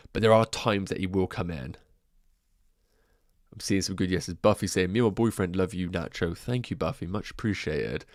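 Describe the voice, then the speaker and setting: Low-voiced chatty man livestreaming. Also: no room sound, studio quality. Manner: chatty, banters with chat, quick asides. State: out of breath. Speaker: fantasy football livestream host. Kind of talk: casual livestream chat reading viewer questions.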